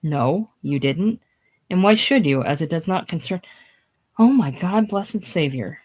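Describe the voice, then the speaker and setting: A high-strung, romantic woman schoolteacher, read by a woman in a casual play reading, breathless and theatrical. The voice sits low and deep for a woman. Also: lively intonation, a little slow, darkish tone, husky, full character voice, low-quality recording. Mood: indignant.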